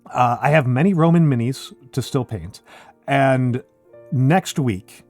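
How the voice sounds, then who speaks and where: A man's voice: mid-range voice, takes it slowly, faint music behind. Scratchy-voiced man chatting to his stream. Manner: rambling, thinking out loud with fillers. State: scratchy voice from being under the weather. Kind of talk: casual chat with stream viewers.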